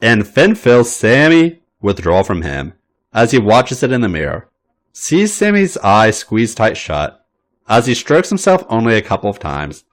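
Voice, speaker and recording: A man reading a story aloud as the podcast's narrator, in an expressive, animated way. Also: fairly low pitch.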